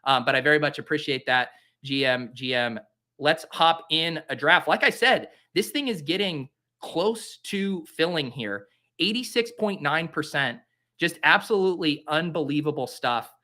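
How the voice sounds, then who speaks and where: A young man talks casually on his own show, his voice bright and pushed forward with a slightly higher pitch than most men. He swings into theatrical, exasperated self-mockery, playing up his own despair for laughs. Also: lively intonation, moderate pace. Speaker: fantasy football host. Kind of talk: casual solo commentary while drafting.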